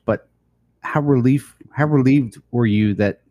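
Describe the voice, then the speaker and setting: A police officer chatting casually, halting and restarting his sentences. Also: mid-range voice, mellow, dry recording. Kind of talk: casual chat.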